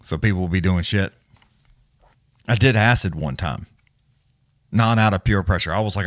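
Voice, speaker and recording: A man's voice: fairly low pitch, expressive, fairly quick, long pauses, fairly bright tone, no room sound, clean studio sound. Loose, swearing livestream host, man. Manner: loose, rambling, profane, chuckling. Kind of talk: casual profane storytelling chat.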